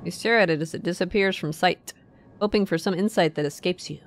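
A woman's voice: fairly low pitch, brisk. A woman streamer playing a story game, reading the narration aloud and musing casually to herself.

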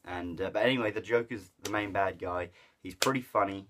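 A man with a notably deep, low voice talks through a film review in a loose, offhand way. He stumbles over his words, circles back with fillers, and gets excited about the bits he liked. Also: fairly quick, noisy background. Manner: rambling, with many fillers and restarts; enthusiastic, laughs at the jokes he retells. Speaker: movie reviewer. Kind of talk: casual rambling film review.

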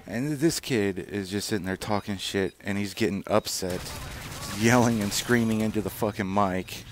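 A man with a lowish voice talks at a moderate pace over background noise. The gaming channel host casually comments over gameplay footage, rambling and swearing freely, with lots of fillers and restarts.

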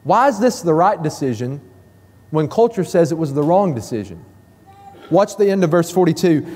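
A man's voice: fairly high pitch, expressive, moderate pace, a little mellow. A male pastor preaching a sermon emphatically, repeating key phrases for weight. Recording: long reverb of a church hall.

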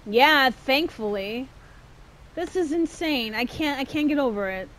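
A woman streaming a horror game, chatting and swearing, jumpy and quick to shout when chased. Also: high-pitched, lively intonation, slight background noise. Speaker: gameplay streamer. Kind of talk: casual let's-play commentary.

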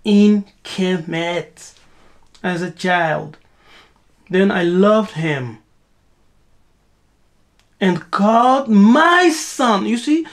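Slow, emphatic woman teaching scripture. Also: mid-range voice, expressive. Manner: rhetorical questions answered herself, emphatic repetition. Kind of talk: spiritual teaching lecture.

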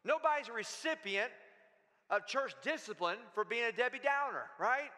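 A man preaching to his congregation with a high, bright voice. He jokes and leads call-and-response lines with animated energy. The sound carries a long reverb from a church hall. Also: normal speed. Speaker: pastor. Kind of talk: sermon. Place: church sanctuary.

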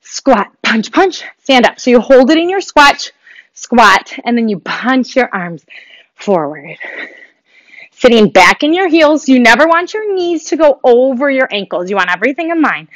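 A woman's voice: high-pitched, very animated, normal speed, no echo, muffled recording. A woman fitness instructor guiding a workout, upbeat and encouraging, a little out of breath as she exercises along. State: breathing heavily.

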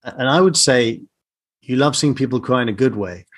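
A male podcast host in reflective conversation, speaking thoughtfully and often ending with "right?". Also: mid-range voice. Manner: thoughtful, drawn-out phrasing, asks tag questions. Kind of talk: reflective interview chat.

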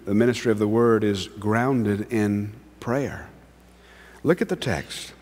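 A male pastor preaching a sermon, swinging between hushed, drawn-out words and raised, emphatic lines. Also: lowish voice, big-room sound.

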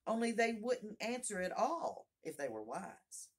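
Storybook Alice: a curious young girl rambling aloud to herself, lilting and lively, voiced by a woman narrator. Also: mid-range voice, measured pace, slightly rough, voice pushed up, heavily acted. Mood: musing.

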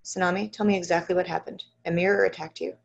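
A woman reading the lines of a calm, distracted young male sorcerer who speaks in short, measured questions. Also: fairly low pitch, creaky, highs cut off. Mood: terse.

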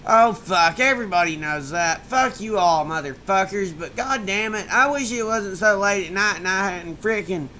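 A tired, burnt-out man rambling and swearing in a late-night vlog on a webcam mic, drifting from loud outbursts to mumbles. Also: high-pitched, moderate pace, few pauses, a little hiss or hum. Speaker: vlogger.

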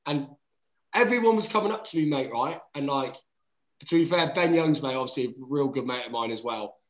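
A man in his thirties tells stories in casual podcast chat. He is animated, swears freely and calls everyone "mate." His voice sits at an ordinary pitch, and the room around him is noticeably roomy. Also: brisk. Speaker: guest, rugby player. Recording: roomy echo.

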